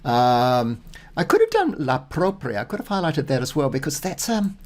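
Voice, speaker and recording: A man working through his Spanish practice notes out loud, thinking aloud with many fillers and restarts, and reading phrases slowly and deliberately. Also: medium pitch, huge pitch swings. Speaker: Spanish learner. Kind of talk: casual self-recorded practice talk.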